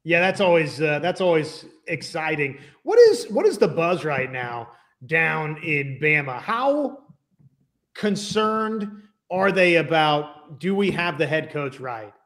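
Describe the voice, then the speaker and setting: A man hosting a sports call-in show, talking in a relaxed, conversational way. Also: fairly high pitch, slow. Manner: relaxed, conversational, many fillers. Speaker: show host. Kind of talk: casual sports talk show.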